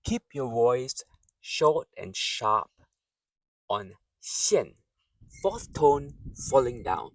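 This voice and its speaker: A man teaching a beginners' language lesson, speaking slowly and clearly and modeling words for the listener to repeat. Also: medium pitch, very animated, no room sound, far from the mic. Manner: patient, drawn-out teaching delivery, models words for repetition. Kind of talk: slow, clear spoken lesson.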